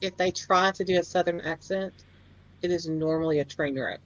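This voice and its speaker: A woman's voice: fairly low pitch, normal speed, muffled recording. A woman from Tennessee with a Middle Tennessee accent, emphatic in a casual group chat.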